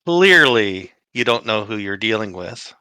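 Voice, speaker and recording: A man playing a smug, scheming warlord who taunts an enemy horde in a mocking, halting way, in a tabletop game. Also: on the low side, sing-song, bright, forceful tone, clear, resonant tone, dry recording, full character voice. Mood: smug taunting. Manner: mocking, drawn-out, full of hesitations.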